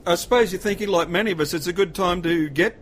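A man hosting a casual chat show, agreeable and quick to chime in and ask questions. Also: sits high, fairly bright tone, a little hiss or hum. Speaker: host.

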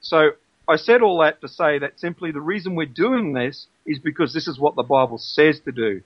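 A male radio show host in an interview, talking in an earnest, measured, reasoning way and reading scripture aloud. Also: a little high. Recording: dull lo-fi radio audio.

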